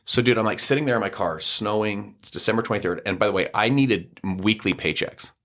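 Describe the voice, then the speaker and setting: Podcast guest, middle-aged man, deep voice, casual animated storyteller. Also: fairly quick. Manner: animated storyteller, acts out quoted dialogue.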